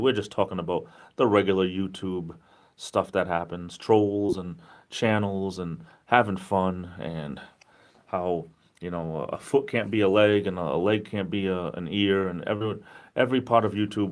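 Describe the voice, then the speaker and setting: A man with a Rhode Island accent hosts a relaxed livestream, his voice sitting somewhat low. He sounds worn out from little sleep yet stays cheerful, wandering from thought to thought and laughing often. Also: normal speed. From New England. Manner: rambling, upbeat, laughs often. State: tired. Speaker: livestream host. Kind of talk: casual livestream chat reading viewer comments.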